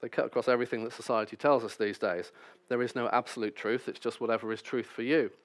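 A man's voice: medium pitch, fairly even intonation, fast talker. A man preaching a sermon, reading scripture passages and then explaining them with wry, self-deprecating asides.

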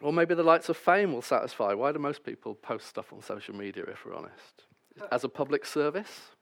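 A man's voice: medium pitch, animated, brisk, vocal fry, a bit bright. A man preaching a sermon, reading scripture passages and then explaining them with wry, self-deprecating asides.

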